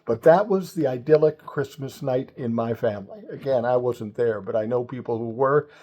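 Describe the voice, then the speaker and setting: A man's voice: medium pitch, moderate pace, dark tone, rough recording. An older man telling a family story in a casual, chatty, profane way.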